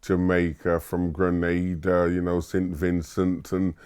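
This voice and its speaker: A man from Barbados, a musician, recalling his youth in a relaxed, rambling way with lots of fillers and chuckles. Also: low voice, takes it slowly, clear, resonant tone. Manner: laid-back storytelling with filler words and chuckles. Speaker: musician interviewee. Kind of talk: relaxed reminiscing monologue.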